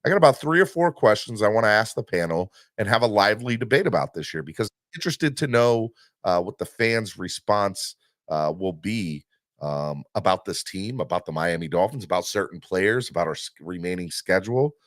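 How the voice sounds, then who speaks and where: A man hosting a live sports fan podcast, talking in an animated, rambling way with many fillers. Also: lowish voice, a little fast, dry recording, clean studio sound. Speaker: podcast host.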